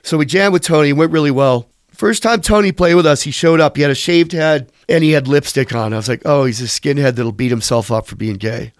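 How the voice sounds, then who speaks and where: A man's voice: a little high, brisk, few pauses, dry recording, clean studio sound. A man in his fifties, a musician being interviewed, telling long casual stories in a rambling, profane way. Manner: rambling, profane, slips into quoted voices.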